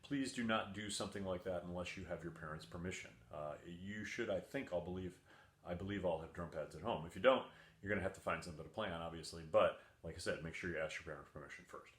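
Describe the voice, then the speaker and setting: A man's voice: sits low, quick pace, a bit bright, roomy sound. A man teaching percussion from home, patiently repeating instructions and counting beats aloud. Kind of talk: home video music lesson for children. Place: room at home. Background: faint drumming on a table and books.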